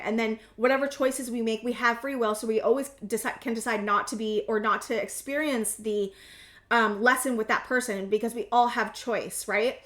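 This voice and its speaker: A woman's voice: on the high side, fairly even intonation, moderate pace, a bit bright, reverberant. A woman in her thirties giving a casual tarot reading to camera, rambling and intuitive, with many restarts and fillers. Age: 30s. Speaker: tarot reader.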